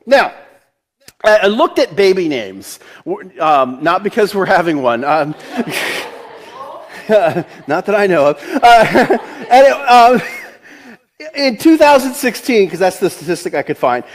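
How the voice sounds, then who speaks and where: A man's voice: high-pitched, sing-song, slow. A man in his forties with a Delaware accent, a pastor giving a casual, conversational sermon, laughing often and restarting his sentences. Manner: chatty, laughs often, many restarts and fillers.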